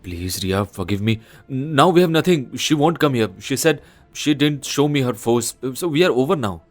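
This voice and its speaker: An actor playing a guilty, cheating husband who sounds flustered and pleading. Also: male voice, mid-range voice, lively intonation, moderate pace, no echo, faint music behind, lightly acted.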